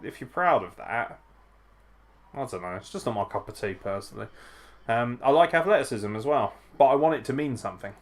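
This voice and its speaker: A man hosting a live wrestling watchalong, chatting casually, swearing and reacting excitedly to the action. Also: mid-range voice.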